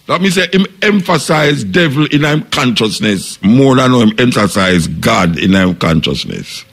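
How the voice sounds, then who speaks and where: A man's voice: mid-range voice, sing-song, measured pace, gravelly, hardly any pauses, fairly bright tone. A man with a Jamaican accent, hosting a radio talk show. He reasons through a long monologue, asks rhetorical questions and quotes other people in passing. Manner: preaching, posing rhetorical questions, quoting others in their voices.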